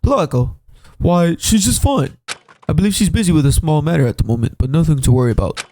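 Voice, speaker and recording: Brief posh British-sounding dad, as a gamer voices him, smooth and polite. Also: male voice, fairly high pitch, expressive, fast talker, a little mellow, voice pushed down. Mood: reassuring. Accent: put-on British.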